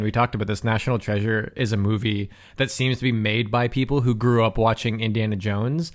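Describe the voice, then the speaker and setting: A man hosting a movie podcast, rambling and laughing as he talks into an iPad mic. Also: mid-range voice. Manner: rambling, laughs often, self-interrupting. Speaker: podcast host. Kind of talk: casual chat. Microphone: iPad microphone.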